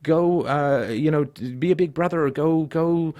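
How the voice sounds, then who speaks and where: A middle-aged man hosting a call-in show, telling personal stories bluntly and with profanity, dropping low and weary, then rising loud and emphatic. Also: normal speed.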